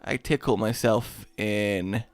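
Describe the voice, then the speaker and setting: A man giving casual let's-play commentary as a gaming YouTuber, rambling and self-mocking, breaking into excited yelps. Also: on the low side, slow, no echo.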